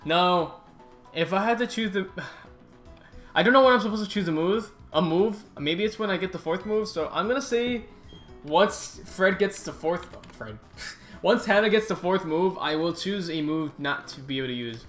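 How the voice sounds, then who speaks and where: On his own gaming channel, this guy rambles casually through his gameplay, easily excited and quick to groan or swear at what happens on screen. He speaks with a high-pitched voice over soft background music.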